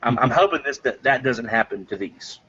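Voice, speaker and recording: A male podcast co-host talks fairly quickly in a bright, forceful, expressive medium-pitched voice, chatting casually and rambling with enthusiasm. He often restarts sentences, and the muffled lo-fi recording carries a little hiss or hum.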